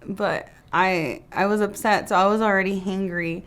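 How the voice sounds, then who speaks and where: A young adult woman in a studio interview, telling her proposal story in an animated way, acting out quotes and laughing often. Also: medium pitch, normal speed. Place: video studio.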